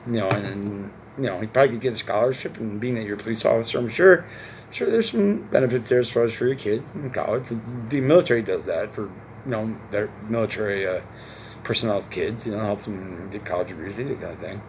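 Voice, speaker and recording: A fast-talking man with a voice on the low side rambles through a long vlog monologue, alone on camera. He's in his forties and from Connecticut, and he swears, repeats himself and asks rhetorical questions. A little hiss or hum runs under the audio.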